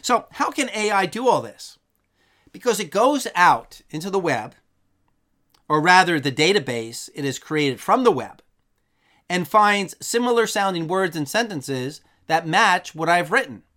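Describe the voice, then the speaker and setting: Unhurried and earnest, this Bible teacher muses on a topic to camera for his own YouTube channel, plainly and off the cuff, with a few fillers and restarts. His high voice swings widely in pitch and has a pushed, bright quality.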